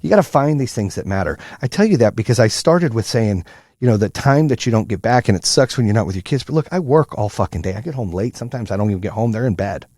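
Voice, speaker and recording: A middle-aged man hosting a solo motivational podcast, telling stories in a profane, animated way with lots of fillers. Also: on the low side, fast, no echo, clean studio sound. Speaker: podcast host.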